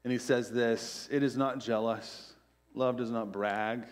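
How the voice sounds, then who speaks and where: A middle-aged male pastor preaching a conversational sermon, peppered with "right?" asides and dropping to a soft hush on key phrases. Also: mid-range voice, fairly even intonation, measured pace. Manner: drops to quiet, soft emphasis on key phrases.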